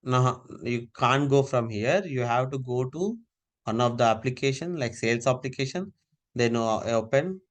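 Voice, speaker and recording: A man's voice: mid-range voice, moderate pace. A man teaching a live online class over a video call, giving repeated step-by-step instructions.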